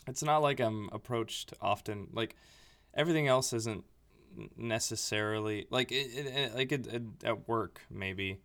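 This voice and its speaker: A man's voice: on the low side, moderate pace, fairly bright tone. A man co-hosting a podcast, chatting casually and rambling, often acting out what other people said. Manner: rambling, chatty, quoting people in little acted voices. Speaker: podcast co-host. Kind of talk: casual chat.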